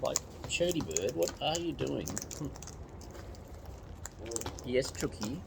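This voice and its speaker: A woman talks to wild birds in a slow, low voice that swoops wildly up and down in coaxing baby talk. Clear outdoor noise sits behind her. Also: sing-song. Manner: coaxing sing-song baby talk to animals. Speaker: bird feeder filming wild birds. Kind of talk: talking affectionately to birds while feeding. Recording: noisy outdoor recording.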